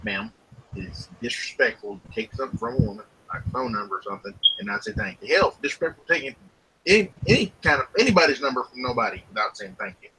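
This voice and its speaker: A man voicing a blunt, old-fashioned man who scolds people about manners in a gruff way. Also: medium pitch, sing-song, quick pace, bright, forceful tone, exaggerated voice, poor audio. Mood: scolding.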